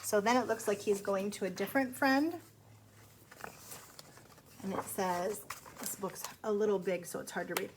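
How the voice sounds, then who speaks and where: A woman's voice: mid-range voice, normal speed, long pauses, a little hiss or hum, low-quality recording. A woman reading a picture book aloud to children in a sing-song way, stopping to ask them questions. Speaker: storytime reader.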